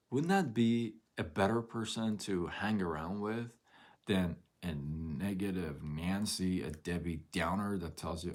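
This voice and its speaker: A man's voice: sits low, a little slow. A man hosting a motivational live stream, speaking earnestly and getting emotional as he repeats his encouragement.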